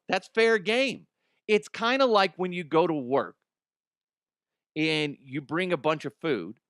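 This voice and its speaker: A man's voice: a little high, a bit bright, no echo, clean studio sound. Crude, laughing male podcast host. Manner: crude, irreverent, quick to laugh. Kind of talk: comedic podcast mailbag.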